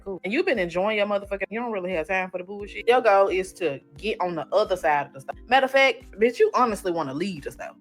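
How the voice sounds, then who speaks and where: A woman narrates a storytime in second person, swearing freely and full of slang. She keeps acting out everyone's voices, and soft music plays behind her. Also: medium pitch. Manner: profane, animated, slangy, acts out voices.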